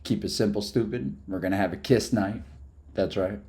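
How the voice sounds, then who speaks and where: Hyper, rambling, low-voiced male streamer. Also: normal speed, mellow. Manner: hyper, rambling, jumps between topics. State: sleep-deprived. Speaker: live streamer. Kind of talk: casual live-stream chat.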